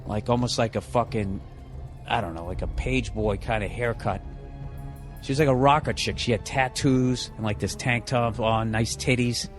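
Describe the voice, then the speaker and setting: A man's voice: mid-range voice, fairly even intonation, moderate pace. A man streaming a game, telling rambling, profane stories in a casual way and laughing at himself. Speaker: gaming streamer. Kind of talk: casual storytelling while gaming. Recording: game music behind voice. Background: game music.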